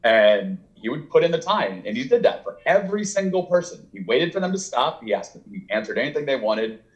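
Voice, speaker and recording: A man's voice: mid-range voice, brisk. A man speaking as an author guest in a casual interview, telling a long, rambling story and acting out what people said. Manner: rambling, animated, acts out quotes with laughs.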